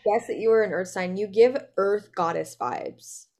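A woman's voice: mid-range voice, moderate pace, a little mellow. A woman hosting a podcast in casual interview chat, enthusiastic and chatty, full of "like" fillers. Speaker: podcast host.

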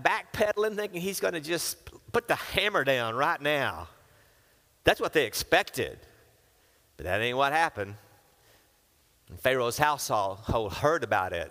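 A man's voice: medium pitch, animated, unhurried, pushed and bright. A man preaching a sermon, reading scripture and breaking into casual asides where he acts out the characters. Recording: long hall reverb.

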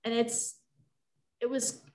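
A young woman telling a personal story in casual conversation, acting out the remembered exchanges in her own voice. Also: slow pace. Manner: animated, acts out remembered exchanges. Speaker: guest sharing a personal story.

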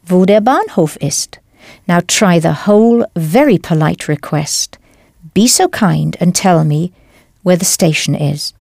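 Woman doing a language course, animated pitch, dry studio sound, upbeat teacher vibe. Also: a little slow, dry recording. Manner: clear, encouraging instruction. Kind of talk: scripted audio lesson.

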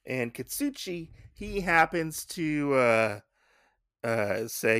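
Gravelly man rambling through a comic recap. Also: medium pitch, lively intonation, takes it slowly, a bit bright, dry recording, clean studio sound. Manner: rambling, many fillers and restarts. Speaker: podcast host. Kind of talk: casual comic book recap.

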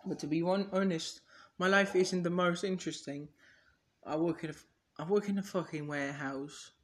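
A man's voice: high-pitched, steady tone, moderate pace. Rambling, swearing male podcaster. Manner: rambling, swears freely, jumps between subjects, acts out mock dialogue. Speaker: solo podcast host. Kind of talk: casual solo monologue.

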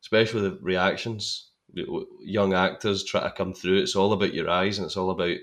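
Enthusiastic man, fairly low voice. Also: fairly even intonation, brisk, a bit bright. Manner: enthusiastic, with many restarts and repeated words. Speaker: actor, podcast guest. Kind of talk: casual film-discussion chat.

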